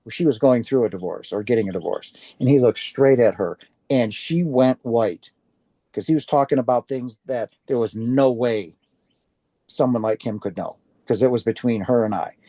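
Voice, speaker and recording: Warm-voiced man telling an animated story. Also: medium pitch, normal speed, dry recording. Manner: animated, acts out quoted dialogue with restarts. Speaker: interview guest. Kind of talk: casual storytelling.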